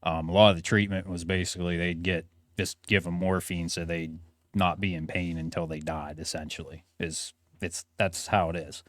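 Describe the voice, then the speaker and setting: Guy on a podcast telling stories, kinda low voice, swears, dry close mic. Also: normal speed, no echo. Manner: animated anecdote teller, swears casually. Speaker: podcast co-host. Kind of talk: casual chat.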